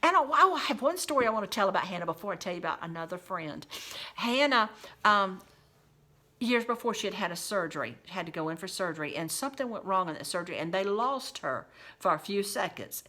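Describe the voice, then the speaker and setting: A woman's voice: mid-range voice, lively intonation, brisk, pushed and bright. A woman who works as a home caregiver, telling chatty, folksy, faith-filled stories and speaking straight to her listeners. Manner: chatty, folksy, quotes scripture. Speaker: home caregiver sharing memories. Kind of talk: casual faith-based storytelling.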